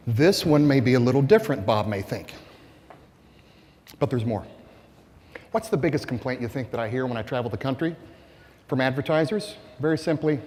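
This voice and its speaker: Animated keynote speaker in a hall. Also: male voice, a little high, fairly quick. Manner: animated, rhetorical, asks the audience questions. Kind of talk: conference keynote speech. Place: conference hall. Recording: long reverb of a large hall.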